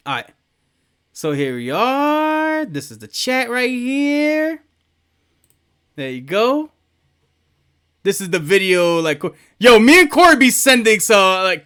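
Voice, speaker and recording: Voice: medium pitch, pushed and bright, clean tone. A streamer chatting casually, rambling, swearing and laughing often while setting up a video.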